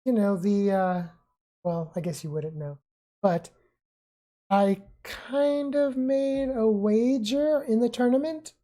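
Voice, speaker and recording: A sheepish, guilty young man in a tabletop role-play, stammering and pleading through his excuses, as a woman puts him on. His pitch sits a little above her usual voice, and his tone stays mellow and warm. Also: animated, slow pace.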